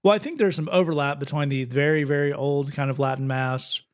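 A man's voice: on the high side, brisk. A man co-hosting a podcast in casual chat, wry and joking, laughing often. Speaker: podcast co-host.

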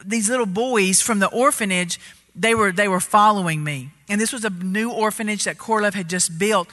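A woman telling a story in a sermon, animated and loud, getting louder as she gets excited. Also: medium pitch, moderate pace. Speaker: preacher. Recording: reverberant hall.

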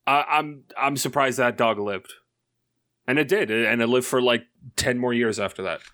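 A man telling a story on a podcast, often stumbling and restarting his words. His voice has a bright, sharp edge, and the recording is dry and close with no room sound. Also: mid-range voice, no room sound. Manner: halting, repeats words and fills with uh and um. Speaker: podcast co-host. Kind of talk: casual storytelling chat.

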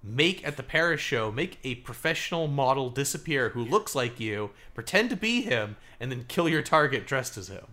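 A man co-hosting a casual gaming podcast, talking loosely with lots of fillers and getting animated when he tells a story. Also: medium pitch, normal speed, few pauses. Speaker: podcast co-host.

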